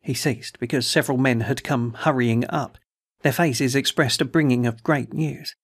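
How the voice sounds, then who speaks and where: Guy reading an audiobook, raspy and a bit creaky, slightly high. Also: moderate pace, no room sound, studio quality. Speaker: audiobook narrator. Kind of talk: scripted narration of a classic novel.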